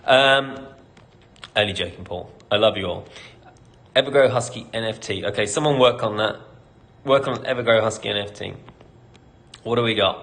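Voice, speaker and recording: Chatty British man, fairly low voice. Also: normal speed, pauses often, fairly bright tone. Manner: candid and chatty, with frequent ums and light laughter. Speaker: company CEO hosting an AMA. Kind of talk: casual live Q&A, reading out questions.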